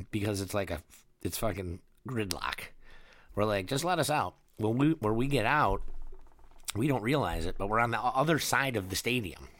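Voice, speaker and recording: A man's voice: fairly low pitch, fairly bright tone, no echo. A man chatting casually, telling a trip story with frequent laughs and swearing. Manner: laughing storyteller, swears freely, acts out quotes. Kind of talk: casual chat.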